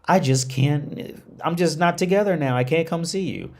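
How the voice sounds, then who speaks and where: A man's voice: on the high side, normal speed, creaky, darkish tone, a little hiss or hum, voice pushed up. A man doing an aloof young woman. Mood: evasive.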